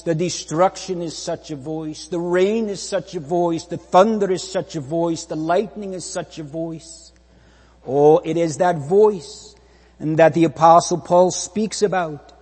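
A man delivers a funeral sermon in a slow, dark, mellow voice that sits a little high for a man. He preaches with solemn repetition, and a long hall reverb trails behind him. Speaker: pastor.

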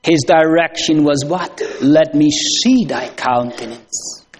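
A man preaching a sermon in a slow, drawn-out, old-fashioned cadence that rises into sing-song emphasis on repeated phrases. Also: on the high side.

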